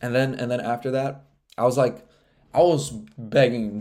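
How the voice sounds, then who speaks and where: A man's voice: medium pitch, steady tone, normal speed, a little mellow. A young man hosting a casual solo podcast, joking and swearing freely as he rants. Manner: profane, joking, slips into mocking impressions. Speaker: podcast host.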